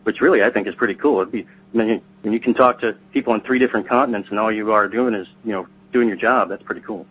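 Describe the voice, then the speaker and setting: A man's voice: lowish voice, fast, fairly bright tone. A man co-hosting a podcast, chatting casually and telling long rambling stories. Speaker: podcast co-host. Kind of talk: casual chat. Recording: dull lo-fi sound with faint hum.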